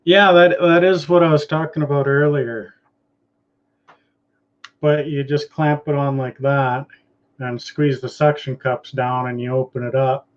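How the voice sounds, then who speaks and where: A man's voice: medium pitch, steady tone, measured pace. A Canadian man hosting a casual live-stream chat, rambling and laid-back, trailing off and restarting his sentences. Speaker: host. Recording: dull lo-fi stream audio.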